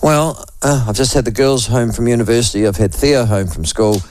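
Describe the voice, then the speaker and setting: A man in his sixties with a New Zealand accent, hosting a talk radio show with a voice hoarse from a cold, rambling and chatty with many restarts. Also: mid-range voice, brisk, darkish tone, dry recording. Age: 60s. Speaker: radio host. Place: radio studio.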